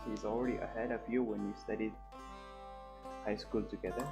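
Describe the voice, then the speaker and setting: A young man streaming a visual novel, reading its text aloud and reacting to it in an animated way. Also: brisk, vocal fry, pauses often, low-quality recording. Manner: animated, voices the dialogue lines higher and louder. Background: guitar music.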